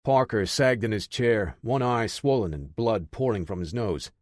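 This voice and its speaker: A man narrating a military action audiobook in a steady, measured reading. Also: lowish voice, dry recording, clean studio sound. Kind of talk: scripted narration.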